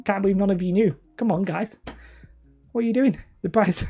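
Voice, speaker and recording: Husky, mellow-voiced man in his thirties. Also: high voice, brisk, soft background music. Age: 30s. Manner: rambling, self-mocking, chuckling. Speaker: hobby terrain channel host. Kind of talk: casual live-stream chat with viewers.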